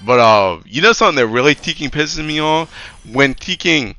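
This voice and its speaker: Animated, gravelly-voiced man ranting on stream. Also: a little high, normal speed, no room sound, soft background music. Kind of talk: casual chat.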